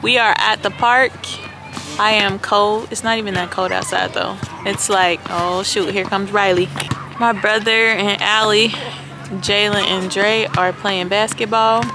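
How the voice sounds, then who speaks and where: A woman's voice: medium pitch, steady tone, measured pace, over music. A woman talking casually to her viewers in a laid-back, chatty way while filming herself at a park on a handheld camera. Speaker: vlogger. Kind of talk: casual vlog chat to camera. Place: outdoors at a park. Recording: outdoor park noise behind.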